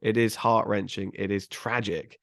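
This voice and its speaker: A man's voice: lowish voice, level tone, moderate pace, creaky, fairly bright tone, no echo, clean studio sound. A man co-hosting a movie review podcast, earnest and emphatic, stacking up praise. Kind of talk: casual movie review chat.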